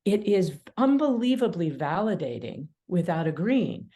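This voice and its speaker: A woman's voice: mid-range voice, very animated, normal speed, warm tone. A middle-aged woman mediator and author, talking animatedly in a podcast interview, laughing often and acting out quoted dialogue. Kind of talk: conversational interview.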